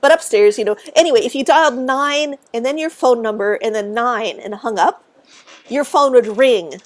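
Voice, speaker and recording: A middle-aged woman appears as a guest author on a casual podcast, telling stories in an animated way, laughing often and restarting her sentences. Her voice is fairly high, and she speaks at a moderate pace.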